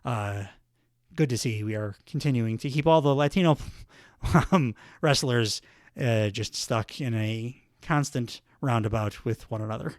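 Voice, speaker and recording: A man's voice: medium pitch, measured pace, dry recording, studio quality. A man hosting a podcast, giving a casual, rambling recap of a wrestling show with plenty of fillers. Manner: rambling, filler-heavy commentary. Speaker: podcast host.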